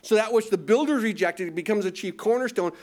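High-voiced preacher man asking questions. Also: brisk, a little mellow. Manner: asks rhetorical questions, repeats words; reads scripture aloud and explains. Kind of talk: expository sermon.

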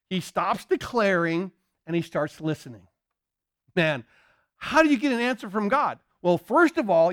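A man with a high voice preaches a sermon with emphatic questions and answers. He repeats his key phrases. The sound is dry and close, with no room around it. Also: fairly bright tone, no room sound. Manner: emphatic call-and-response questioning, repeats himself. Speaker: pastor.

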